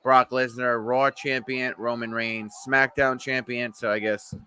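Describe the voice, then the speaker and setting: A man with a bright, forward voice streams a live watch-along, tossing out offhand wisecracks. He chats casually with viewers in between remarks. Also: medium pitch, flat delivery, a little slow, smooth.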